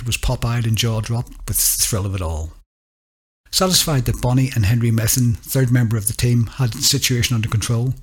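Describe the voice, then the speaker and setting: Husky male story narrator. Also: medium pitch.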